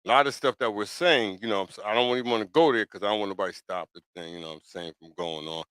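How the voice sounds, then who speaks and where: A podcast host with a fairly low-pitched, slightly bright, smooth voice talks very fast in a dry recording with no room sound. In his casual opinion monologue he is blunt, emphatic and repetitive, constantly checking in with "you know what I'm saying."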